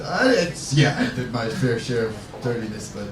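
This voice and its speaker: A man on a comedy panel who talks excitedly and laughs while he speaks. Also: medium pitch, moderate pace, a crowd in the background. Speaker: guest panelist. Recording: echoey room from far off, loud music.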